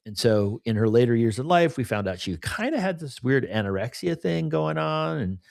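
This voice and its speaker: A man's voice: medium pitch, sing-song, normal speed, vocal fry, darkish tone, no room sound, clean studio sound. A middle-aged man talking candidly and at length in a casual podcast conversation, often adding "you know" and "right?". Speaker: podcast co-host.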